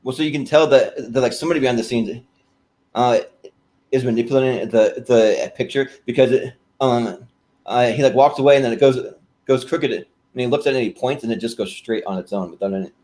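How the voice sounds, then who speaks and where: A man's voice: medium pitch, a little fast, a little mellow. A man hosting a podcast, recapping a comedy sketch in a rambling, casual way. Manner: rambling, many fillers and restarts, laughs often. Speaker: podcast host.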